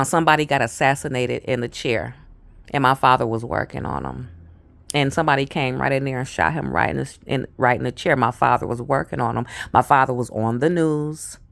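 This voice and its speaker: A woman telling a personal story in a casual, animated way, often repeating phrases for effect. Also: very deep voice, creaky, no echo. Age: adult.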